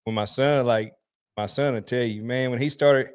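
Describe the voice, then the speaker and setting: A man's voice: mid-range voice, steady tone, normal speed, clean tone. A middle-aged man, chatting casually as a truck-driving podcast host, telling stories animatedly with restarts and laughs. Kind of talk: casual chat.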